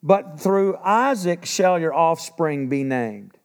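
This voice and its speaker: A middle-aged man with a fairly high voice preaches a sermon. He reads scripture steadily, then drops into loose, conversational explanation. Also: expressive, takes it slowly. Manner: reads verses then breaks into casual asides.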